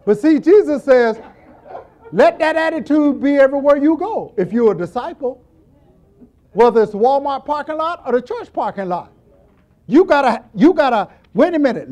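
Middle-aged male deacon teaching Bible class, high and very expressive pitch, jokey and animated. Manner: animated, acts out scenes with quoted voices, jokes and laughs.

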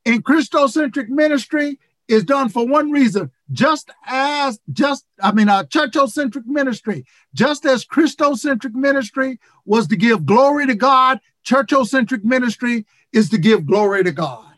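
A preacher of about seventy delivering an impassioned sermon over a video call, repeating phrases and building to shouts. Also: sits high, expressive, moderate pace, no echo. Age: 70s.

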